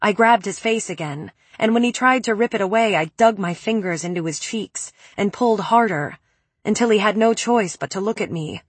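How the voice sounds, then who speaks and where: A woman narrating a first-person novel with intense, dramatic delivery. Her voice is a little husky, recorded close and dry with no room sound. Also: medium pitch, moderate pace, no echo. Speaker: audiobook narrator.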